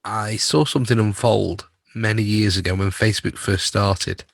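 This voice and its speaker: A man's voice: lowish voice, fairly even intonation, normal speed, creaky, dry recording, studio quality. A man co-hosting a podcast in a casual chat, telling stories and laughing often. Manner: chatty storyteller who laughs often. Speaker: podcast co-host.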